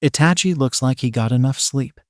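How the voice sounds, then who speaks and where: A tall, cocky teenage boy swordsman needles his friend in a smug, teasing tone, as a man reads him. The voice sits at a middling pitch, recorded dry and close. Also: moderate pace, no room sound, close to an everyday voice.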